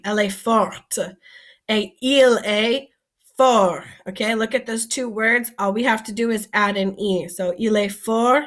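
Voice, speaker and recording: A woman's voice: on the high side, fairly bright tone. Patient woman teaching a vocabulary lesson. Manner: patient, explains each word slowly and asks the students questions. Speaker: French teacher.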